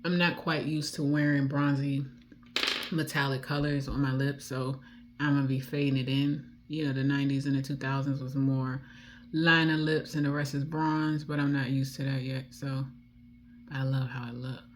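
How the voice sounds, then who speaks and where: A woman from D.C. with a D.C. accent, chatting casually and rambling while she does her makeup, with soft muttered asides. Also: a bass voice, flat delivery, moderate pace, slight background noise. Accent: Washington, D.C. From Washington, D.C. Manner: rambling, chatty, drifts off topic. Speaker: beauty vlogger.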